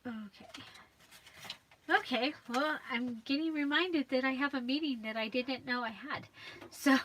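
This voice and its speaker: A woman's voice: sits high, a little slow, fairly bright tone, a little hiss or hum. A woman hosting a live crafting video, chatting and thinking aloud as she works at her table.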